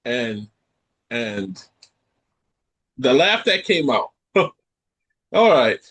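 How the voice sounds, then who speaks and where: A Caribbean man hosting a podcast, ranting in an animated way and repeating lines for effect. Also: mid-range voice, drawn-out words, slightly rough. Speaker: podcast host. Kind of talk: casual chat.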